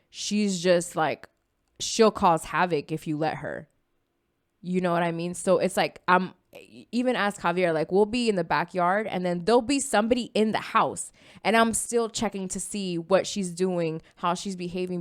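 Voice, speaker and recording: Animated woman telling a story on a podcast. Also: medium pitch. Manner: animated storytelling, acts out her own quoted words, frequent "you know what I mean". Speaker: podcast co-host. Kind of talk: casual chat.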